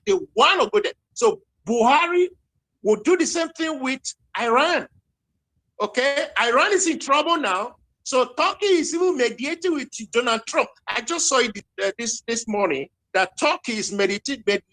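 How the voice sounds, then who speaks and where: A man's voice: extremely high pitch, pushed and bright. A man with a Nigerian accent, speaking heatedly and repeating points in a live social media audio chat. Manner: heated, emphatic, repeats himself.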